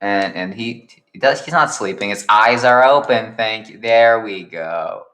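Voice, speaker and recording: Slow, rambling young man narrating. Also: fairly low pitch, bright, forceful tone. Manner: rambling, joking asides. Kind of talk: improvised story narration.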